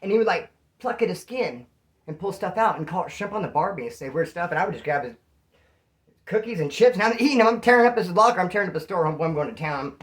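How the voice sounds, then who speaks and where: Fast-talking man telling prison stories. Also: high voice. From Bakersfield, California. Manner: rapid, animated street slang. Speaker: storyteller. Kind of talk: casual prison storytelling.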